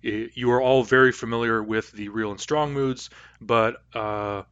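A man teaching a language lesson to a class, patiently explaining grammar and repeating example phrases slowly. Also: mid-range voice, fairly even intonation, fairly bright tone, clean tone, muffled recording.

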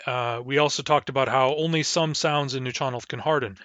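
A man teaching a language lesson, explaining the grammar patiently and step by step and slowing down to sound out each word. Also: medium pitch, steady tone, a bit bright, no room sound, muffled recording. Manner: patient, explains step by step, slows down to model words.

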